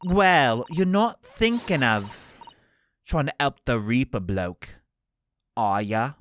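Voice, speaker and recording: A man's voice: medium pitch, lively intonation, slow, fairly bright tone, slight background noise, pitched below the performer's own voice. A man voicing a cheeky, tough young woman who talks in bossy street slang. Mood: sulky. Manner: slangy, scolding, drops grammar. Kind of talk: game voice-acting in a let's play.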